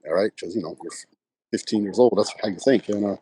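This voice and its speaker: Low-pitched, mellow and husky, the voice belongs to a middle-aged pro bodybuilder from West Texas who talks fast with a Texan accent. Guesting on a casual interview, he spins rambling, filler-heavy stories and performs the dialogue he recounts, all without room sound.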